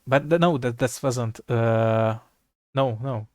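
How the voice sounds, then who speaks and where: A man's voice: medium pitch, slow pace, a little mellow, dry recording. A man in casual rambling commentary, thinking aloud with an irreverent, swearing manner.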